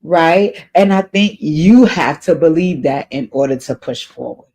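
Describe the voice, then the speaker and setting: A woman with a low, husky, mellow voice, animated but a little slow, hosts an advice show off camera, voice only. She answers a viewer's letter with casual spoken advice, earnest and encouraging with a spiritual bent, and repeats key lines for emphasis.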